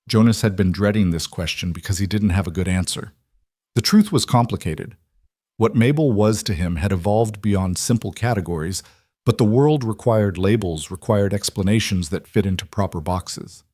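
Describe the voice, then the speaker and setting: Low-voiced male storybook narrator. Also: normal speed, darkish tone, no echo, studio quality. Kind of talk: scripted narration.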